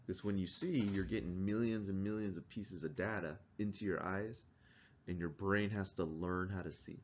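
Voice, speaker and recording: Low-voiced man lecturing a class. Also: normal speed, highs cut off, slight background noise. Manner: asks the class questions, conversational. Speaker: teacher.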